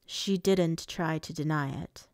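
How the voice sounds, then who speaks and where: A woman's voice: takes it slowly, a little mellow, no echo, clean studio sound. A woman doing a growling male fae lord. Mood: gruff. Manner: low, clipped, growling.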